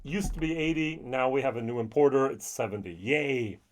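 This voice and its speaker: A man talking casually in a whiskey review, chatty and animated, acting out the people he meets in quick little voices. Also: mid-range voice, a little hiss or hum.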